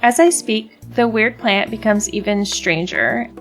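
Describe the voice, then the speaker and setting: A woman's voice: medium pitch, measured pace, soft background music. A woman hosting a game playthrough, reading the story text aloud and gushing about the characters, often stumbling and restarting words. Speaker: let's play host.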